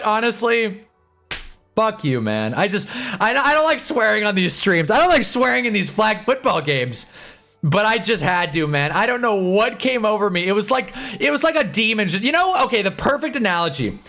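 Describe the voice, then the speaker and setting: A young man telling stories in a casual livestream chat, laughing as he goes, with loud bursts and mumbled asides. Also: high voice. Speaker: livestream host. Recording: faint background music.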